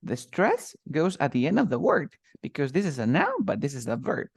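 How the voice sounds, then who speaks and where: A man's voice: fairly high pitch, wildly swooping pitch, moderate pace, vocal fry, husky, dry recording, clean studio sound. A man teaching English, patiently explaining words and stress while switching between English and Spanish. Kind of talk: bilingual English lesson.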